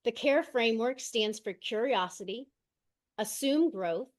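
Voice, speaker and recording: Woman presenter on a video call, kinda high voice, keeps tossing in "right?" as she explains. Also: a little slow. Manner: steady explaining, often tags "right?". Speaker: conference presenter, educator. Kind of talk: online conference presentation. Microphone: video call mic, set far from her.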